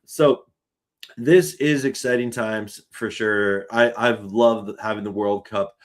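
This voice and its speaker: A man with a Canadian accent hosting a live sports fan stream, chatting in an excitable, talkative way. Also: fairly low pitch, slow.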